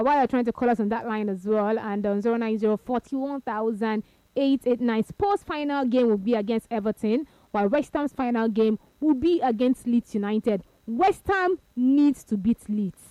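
High-voiced woman hosting radio sports. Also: mellow, no room sound. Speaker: radio sports show host.

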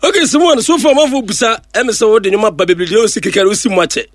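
A man hosting a radio interview, lively and quick with short prompts. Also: high voice, no echo, clean studio sound. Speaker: radio host.

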